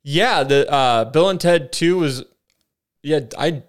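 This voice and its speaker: A man's voice: on the high side, takes it slowly. A man co-hosting a podcast, chatting casually and enthusiastically about movies and often restarting his sentences. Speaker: podcast co-host.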